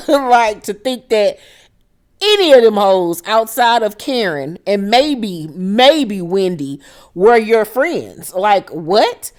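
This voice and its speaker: A woman's voice: medium pitch, big pitch swings, slow pace, a little mellow. A woman hosting a casual recap of a reality TV episode, blunt and profane, with dramatic asides and frequent laughter. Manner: laughs often while retelling scenes.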